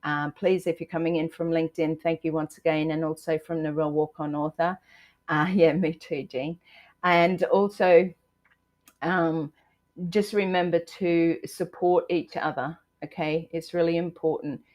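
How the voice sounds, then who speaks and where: An Australian woman in her sixties hosts a live stream and talks to her viewers directly. Her voice sits low, and she speaks in an encouraging way, reading out comments and filling her pauses with ums and uhs. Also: steady tone. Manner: warm, encouraging, many fillers, reads out viewer comments. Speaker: livestream host.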